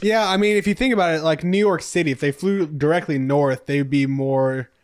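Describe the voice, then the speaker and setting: A man in casual chat, chatty and quick, often restarting his phrases. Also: on the high side, no room sound, clean studio sound. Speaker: podcast co-host.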